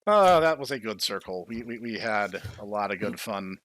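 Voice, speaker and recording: A man hosting a casual podcast, telling stories in a chatty way with quick filler-laden asides. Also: fairly low pitch, lively intonation, a bit bright, no room sound. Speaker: podcast host.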